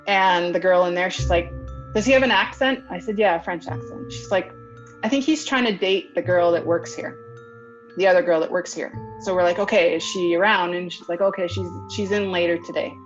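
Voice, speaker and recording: Interviewee, female, lower register, lively first-person retelling, muffled lo-fi recording. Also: normal speed, soft background music. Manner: lively retelling, acts out other people's lines. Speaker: interviewee recounting events. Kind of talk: casual storytelling interview. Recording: dull lo-fi recording.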